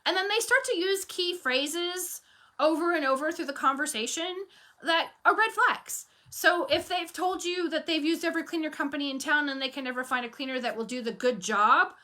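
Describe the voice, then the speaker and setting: Woman business coach, high voice, animated frank storytelling. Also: normal speed. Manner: animated storytelling, acting out dialogue; firm and frank. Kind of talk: casual talk to camera.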